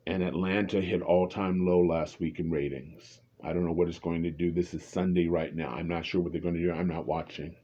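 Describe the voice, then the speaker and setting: A man's voice: low voice, little pitch movement, fairly quick, hardly any pauses, dark tone, lo-fi sound. A man commenting on reality TV in a casual, rambling, opinionated way, often restarting his sentences.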